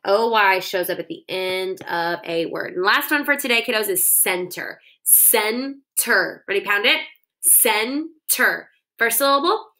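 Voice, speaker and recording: Woman teacher, bright clear tone, patient and encouraging, sounds out syllables for young children. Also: medium pitch. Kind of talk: phonics lesson for young children.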